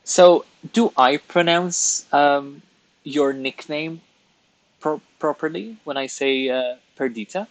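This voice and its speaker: A man's voice: on the high side, steady tone, slow, no room sound, low-quality recording. A man chatting casually with his viewers while colouring on a live stream, rambling and laughing at himself.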